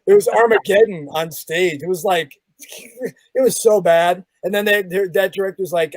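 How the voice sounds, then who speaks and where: A man's voice: high-pitched, normal speed, no echo, rough recording. A man, a magician guest, telling a story in a casual chat and acting out the sounds and the people in it. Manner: animated, acts out sounds and quotes.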